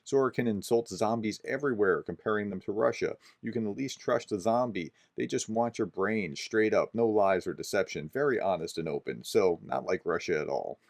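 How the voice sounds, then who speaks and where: A man's voice: on the low side, normal speed, vocal fry, hardly any pauses, no echo, studio quality. A professor, a man, explaining the day's war news in a conversational way, with frequent fillers and restarts. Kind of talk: daily news commentary video.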